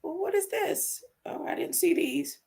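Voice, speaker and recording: A woman hosting a spiritual livestream, speaking unhurried affirmations, laughing often and repeating words for emphasis. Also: very high voice, expressive, creaky, mellow. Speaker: livestream host.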